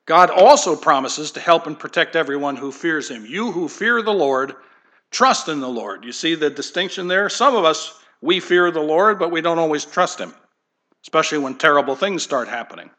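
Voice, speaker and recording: Man, pastor, sermon, bright tone, rhetorical questions, emphatic. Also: on the high side, expressive, a little fast.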